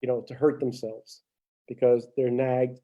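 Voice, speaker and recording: The audio is dull as a man with a mid-range voice, speaking a little slowly, co-hosts a podcast. In casual conversation he's an animated storyteller who laughs frequently.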